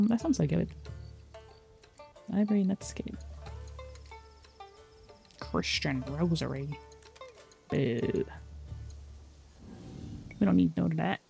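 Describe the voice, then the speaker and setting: A woman's voice: medium pitch, vocal fry, warm tone. A woman streaming a game in casual commentary, thinking aloud, reading game text out and repeating words back.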